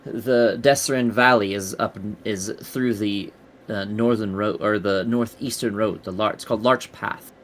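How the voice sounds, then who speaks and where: A friendly tavern keeper woman rambles on helpfully, her voice sitting low, as a man puts her on. She talks in a loose, chatty way, with a faint hiss behind her. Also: fairly even intonation, a little slow, few pauses, a bit bright.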